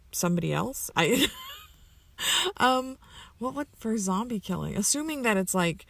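Woman, gravelly, fairly low pitch, casual rambling chat, frequent fillers. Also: no echo. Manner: rambling, many fillers and self-corrections. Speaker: community member answering questions. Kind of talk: casual answering of question list.

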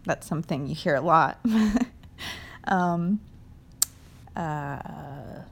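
A woman's voice: deep voice, very slow, creaky, pauses often, husky. A young woman with a New England accent, chatting casually through an accent challenge with many fillers and light laughs. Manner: chatty, hesitant, with frequent fillers and soft laughs. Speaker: vlogger answering an accent challenge. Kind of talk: casual chat.

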